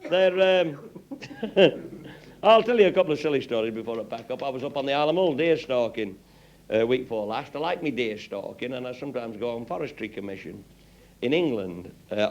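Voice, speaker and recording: A man's voice: medium pitch, dull audio. A man telling comic anecdotes in a rambling, salty way, swearing constantly and laughing at his own jokes. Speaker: raconteur.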